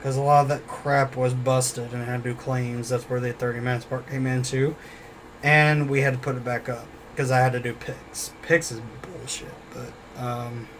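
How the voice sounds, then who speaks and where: A man's voice: medium pitch, little pitch movement, normal speed, a little hiss or hum. A man telling a casual story about a former job, rambling and swearing often, repeating himself as he goes. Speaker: former store worker.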